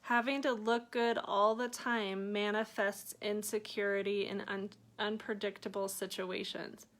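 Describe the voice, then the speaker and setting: A woman's voice: mid-range voice, little pitch movement, measured pace, fairly bright tone. A woman reading aloud from her own book, stopping now and then for chatty, joking asides about what she wrote. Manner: chatty, breaks off to joke and laugh at her own lines.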